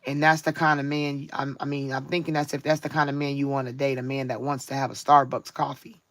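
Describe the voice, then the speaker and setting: A woman's voice: a bass voice, level tone, no echo. A woman giving a live-streamed spiritual card reading in a reflective way, drawing out her key words and often checking in with her listeners. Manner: reflective, drawn-out emphasis, frequent "you know what I'm saying". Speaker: tarot card reader.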